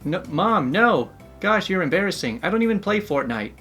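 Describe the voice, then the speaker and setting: A man's voice: high-pitched, sing-song, moderate pace, bright, forceful tone, faint music behind, pitched above the performer's own voice, full character voice. A man voicing an embarrassed, sensible twelve-year-old boy, exasperated and pleading in a raised voice.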